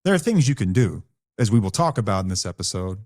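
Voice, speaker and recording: A man's voice: on the low side, very animated, quick pace, darkish tone, dry recording, clean studio sound. A man co-hosting a podcast, speaking in a candid, blunt and earnest way about recovery from his own experience. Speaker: podcast co-host. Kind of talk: candid conversational podcast talk.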